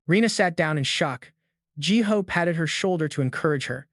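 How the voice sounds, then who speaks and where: A man narrating a scripted comic recap in a steady storytelling voice. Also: fairly high pitch, normal speed, no room sound, clean studio sound.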